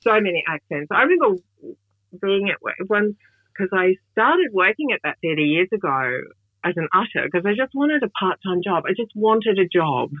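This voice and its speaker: Lively woman comedian on a phone-like line. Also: mid-range voice, moderate pace, no room sound. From Australia. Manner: lively, bursts into laughs and voices others. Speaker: comedian guest. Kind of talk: casual interview chat. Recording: dry, phone-like remote line.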